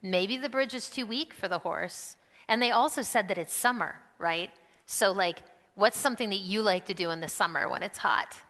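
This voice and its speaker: A woman's voice: medium pitch, normal speed, fairly bright tone, long reverb tail. A woman leading an interactive children's message during a church service, coaxing and encouraging the kids with lots of questions. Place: church sanctuary.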